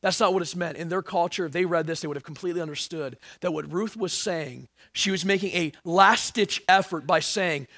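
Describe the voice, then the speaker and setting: A man preaching a sermon with a high, bright voice that moves from loud emphatic passages down to near-hushed lines. He throws in joking asides for the congregation. The sound is dry and close, with little room around it. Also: a little fast, hardly any pauses, dry recording. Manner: animated, swings from loud emphasis to hushed tones. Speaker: pastor.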